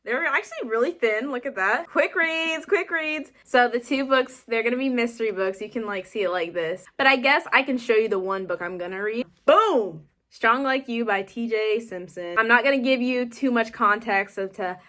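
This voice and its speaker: A young woman chatting casually in her vlog, talkative and quick to get excited. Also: on the high side. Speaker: book vlogger.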